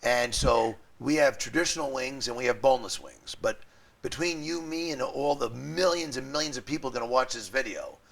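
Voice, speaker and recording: A man's voice: medium pitch, moderate pace, gravelly, fairly bright tone, a little hiss or hum. A middle-aged man from New York with a New York accent, chatting animatedly as a restaurant owner being interviewed. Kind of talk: casual interview chat.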